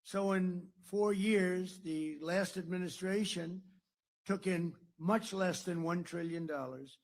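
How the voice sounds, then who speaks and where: Gravelly older American man, boastful rambling. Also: high-pitched, takes it slowly. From United States. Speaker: political speaker. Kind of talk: after-dinner speech. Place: dinner hall.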